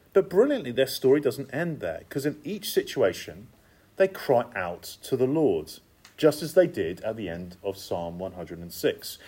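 A man's voice: mid-range voice, normal speed, slightly rough. A man preaching a sermon, emphatic and conversational, repeating key phrases and dropping in casual asides. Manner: lively, emphatic, repetitive cadence with conversational asides.

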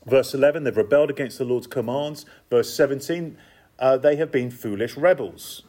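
A man's voice: mid-range voice, normal speed. A man preaching a sermon, emphatic and conversational, repeating key phrases and dropping in casual asides. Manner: lively, emphatic, repetitive cadence with conversational asides.

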